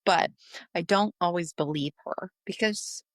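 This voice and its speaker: A woman's voice: lowish voice, measured pace, dry recording, clean studio sound. A young adult woman co-hosting a podcast, talking in a sassy, teasing way about a book series. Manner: sassy, teasing, swears casually. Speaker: podcast co-host. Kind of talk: casual book discussion.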